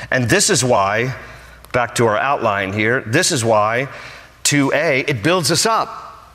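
A man preaching a sermon as pastor, emphatic and animated, repeating short lines for stress. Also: medium pitch, slow pace. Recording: long hall reverb.

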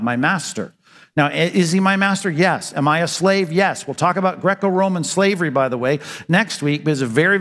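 A man's voice: a little high, fairly bright tone, long reverb tail. A man preaching a sermon as pastor, asking rhetorical questions and answering them himself with emphatic conviction.

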